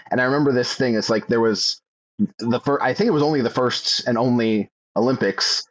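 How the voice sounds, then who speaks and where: Male quiz contestant, hesitant and thinking aloud, slightly muffled lo-fi recording. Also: mid-range voice. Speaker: trivia contestant. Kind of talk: casual podcast chat. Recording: slightly dull lo-fi sound.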